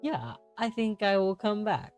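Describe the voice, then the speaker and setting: A woman's voice: mid-range voice, sing-song, measured pace, a little mellow. A woman streamer playing a character in a tabletop game, reacting enthusiastically in short remarks. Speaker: player, streamer. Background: faint background music.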